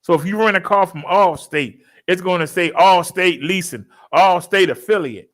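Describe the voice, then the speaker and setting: A man telling a story to his followers in a casual, joking way, laughing often and switching into high mimicking voices. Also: moderate pace, fairly bright tone. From Baltimore, US. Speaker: fitness vlogger telling a story.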